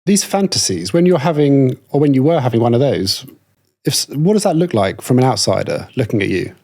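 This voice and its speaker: Mellow-voiced man asking interview questions. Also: mid-range voice, animated, creaky. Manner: measured, thoughtful, hesitant restarts. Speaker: podcast host.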